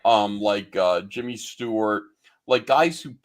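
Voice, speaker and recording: Panelist, man, lowish pitch, measured and explanatory, hesitant. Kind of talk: casual chat.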